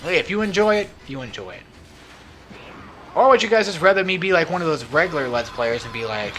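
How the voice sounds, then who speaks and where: A man's voice: on the high side, big pitch swings, brisk, sharp tone. A young man rambling through casual gameplay commentary as a let's play host, talkative and self-mocking. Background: faint game music.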